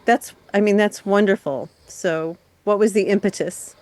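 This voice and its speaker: A woman's voice: mid-range voice, moderate pace, dry recording. A woman co-hosts a radio arts interview in a mid-range voice. She speaks with open enthusiasm, circling back over her own words as she asks. The sound is dry and close. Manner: warmly enthusiastic, repeats herself. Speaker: radio show co-host.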